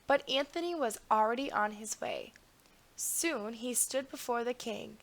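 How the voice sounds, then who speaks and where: Female storyteller, slightly high voice, slow and expressive fairy-tale reading. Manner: unhurried, expressive. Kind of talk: storybook narration.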